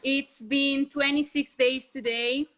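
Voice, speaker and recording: A woman from Italy with an Italian accent, chatting as a guest on a video call in friendly, halting English. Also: high voice, steady tone, a bit bright, poor audio. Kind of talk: casual video-call chat.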